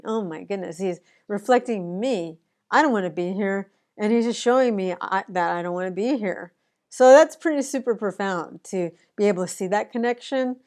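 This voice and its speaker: Speaking to the camera in a casual, personal talk, a woman who educates about autism discusses honesty with feelings earnestly and conversationally. Her medium-pitched voice is smooth with a darkish tone.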